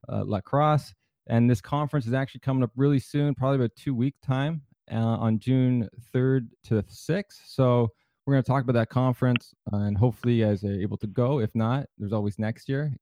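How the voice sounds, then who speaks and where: A man's voice: medium pitch, mellow, dry recording, studio quality. A man hosting a podcast in a casual, easygoing way, with lots of fillers and restarts. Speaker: podcast host.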